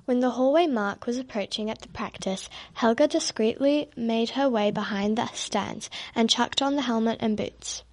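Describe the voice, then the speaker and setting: A woman's voice: on the high side, moderate pace, few pauses, darkish tone. Woman reading a story aloud.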